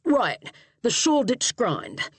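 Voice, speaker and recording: A man's voice: very high voice, wildly swooping pitch, slow pace, fairly bright tone, breathy edge, no echo, voice pushed up, full character voice. A woman voicing a cheery male London cab driver with a heavy Cockney accent and a breezy way of talking. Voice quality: breezy, calls people love.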